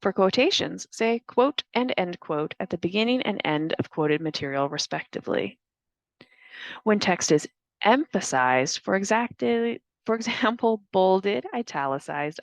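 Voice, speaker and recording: Clear, deliberate woman giving training. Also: on the low side, expressive, no room sound. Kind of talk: scripted training narration.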